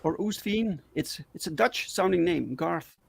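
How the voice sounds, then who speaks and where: A man hosting a casual livestream chat, excitable and full of fillers and restarts. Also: on the high side, normal speed, vocal fry, husky, dry recording. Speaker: talk show host.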